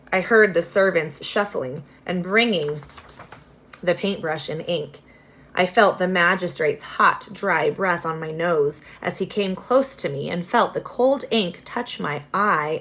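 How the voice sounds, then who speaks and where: A woman reading a children's novel aloud, expressive, with casual asides to her listeners. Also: mid-range voice. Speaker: reader.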